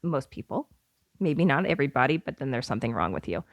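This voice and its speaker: Bubbly giggly woman, very lively pitch. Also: fast talker, dry recording, clean studio sound. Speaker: podcast co-host. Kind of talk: casual chat.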